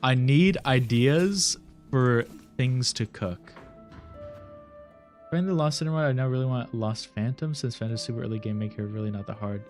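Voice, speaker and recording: Streaming a game, this young man chats in a loose, rambling way, with frequent laughter and the occasional swear word. His nasal voice is mid-range, his pace normal, and faint music plays in the background.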